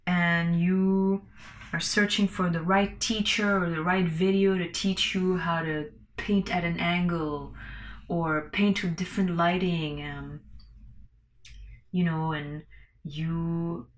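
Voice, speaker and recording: A woman talking slowly and loosely on her own podcast, her voice sitting a little low. She rambles, swears freely and laughs between thoughts, and the room around her rings with a noticeable echo. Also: fairly even intonation. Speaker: podcast host. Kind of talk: casual solo podcast monologue.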